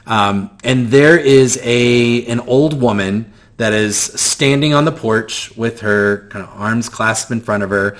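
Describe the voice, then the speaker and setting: A slow, hesitant man game master. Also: mid-range voice, a bit bright. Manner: hesitant, many ums. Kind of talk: narrating a tabletop game.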